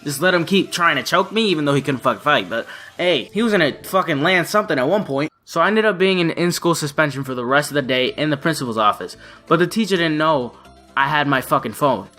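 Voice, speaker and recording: A man's voice: on the high side, animated, quick pace, sharp tone, soft background music. A young man telling a story on his vlog in a brash, profane way. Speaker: vlogger.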